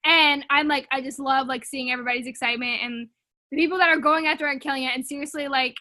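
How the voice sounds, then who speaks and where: A young woman leading a sales team on a video call, giving an energetic, casual pep talk full of fillers and pushy motivation. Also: high voice, quick pace.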